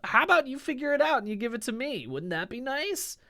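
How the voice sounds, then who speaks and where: A man mocking a smarmy male online scammer who poses as a friend, in a high, sing-song, wheedling voice. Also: sing-song, a little fast, bright, forceful tone, heavily acted.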